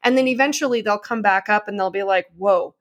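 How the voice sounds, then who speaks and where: A woman in casual conversation, telling stories in an energetic, passionate, self-mocking way. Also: medium pitch, fast talker.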